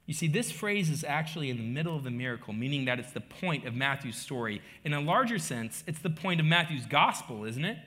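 Lively, animated male pastor preaching. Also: fairly high pitch, fairly quick, few pauses. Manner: animated storytelling, rhetorical questions, shifts between soft and loud. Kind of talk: sermon.

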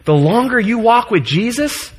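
A man's voice: extremely high pitch, very animated, moderate pace, breathy edge. A man in his thirties preaching a sermon to his congregation in a church, earnest, joking at times and getting choked up. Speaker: pastor.

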